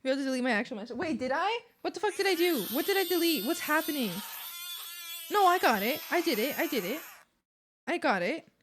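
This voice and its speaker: A woman's voice: high-pitched, lively intonation, a little fast, background noise. A young woman streaming, chatting casually with her viewers, giggling, apologizing and rambling with lots of fillers.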